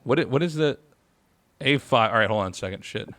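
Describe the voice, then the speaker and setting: A man's voice: medium pitch, animated, brisk, fairly bright tone, soft background music. A man hosting a live game stream in a casual, chatty way, thanking subscribers and swearing now and then. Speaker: stream host and caster.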